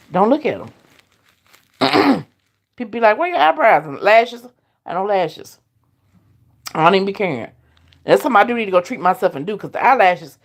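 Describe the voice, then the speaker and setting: A woman hosting a casual live chat, talking straight to her viewers and laughing often. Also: mid-range voice. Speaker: live stream host.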